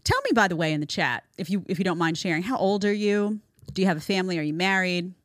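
A woman's voice: on the low side, fast talker, no echo, studio quality. A woman hosting a reaction commentary show, talking emphatically and repeating phrases for stress. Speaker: host. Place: studio in Florida.

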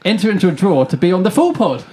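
A man's voice: high voice, very animated, fast, a little mellow, slightly rough. Man, podcast host, casual chat, laughs a lot. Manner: chatty, laughs easily.

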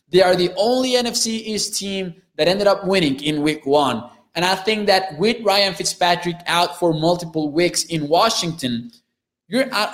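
A young man from northern Mexico with a Mexican accent, hosting a live sports talk show, reading chat comments and often repeating words as he talks. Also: fairly high pitch. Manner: quick, restarts and repeats words, animated. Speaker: sports podcast host.

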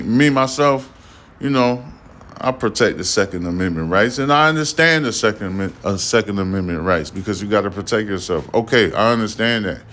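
Deep-voiced profane man ranting on news. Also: fairly bright tone, slight background noise. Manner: rambling, blunt, profane, lecturing. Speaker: podcast host. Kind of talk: casual news commentary podcast.

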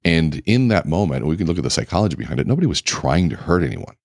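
A man guest in a casual interview, telling lively anecdotes full of quoted dialogue. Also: deep voice, quick pace, gravelly, no room sound, studio quality. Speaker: keynote speaker and guest.

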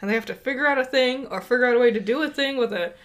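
Woman, podcast co-host, casual chat, slightly high voice, laughs often. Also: rapid-fire, slight background noise. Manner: chatty, laughs often, animated opinions.

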